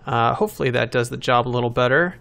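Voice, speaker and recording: A man's voice: medium pitch, fast talker, gravelly, a bit bright. A man hosting a game channel, giving casual commentary while building and thinking aloud, with self-mocking asides.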